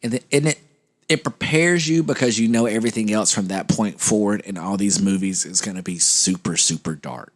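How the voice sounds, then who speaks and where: Lower-voiced, playful man. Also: brisk. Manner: laughing, playful storytelling. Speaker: podcast co-host. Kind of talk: casual comedic chat.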